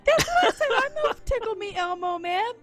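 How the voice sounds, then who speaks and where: A young woman with a high, lively voice chats casually as a stream host. She tells stories with animated energy and giggles often. Soft game music plays faintly behind her. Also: brisk. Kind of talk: casual chat.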